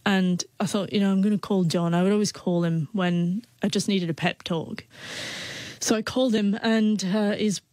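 A woman's voice: medium pitch, fairly even intonation, moderate pace, a little mellow, no room sound. A woman tells a personal story in an interview, stuttering often and restarting her words. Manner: stutters, with repeated sounds and restarts. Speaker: interview guest.

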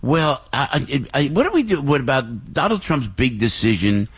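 A man hosting a morning radio talk show, rambling and excitable as he reads a live ad and introduces a guest. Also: medium pitch, moderate pace, slightly rough. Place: radio studio.

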